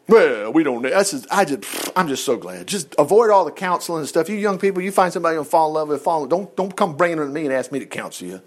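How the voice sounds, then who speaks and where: Animated high-voiced male preacher. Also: husky. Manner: animated, exclaims asides between readings; folksy, talks straight to the congregation. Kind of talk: sermon reading and commenting on scripture.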